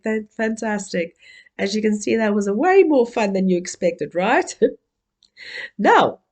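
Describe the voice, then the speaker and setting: A woman's voice: mid-range voice, a little mellow. A woman from Africa, giving an interactive keynote and playfully coaxing the audience to join in. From South Africa. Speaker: keynote speaker.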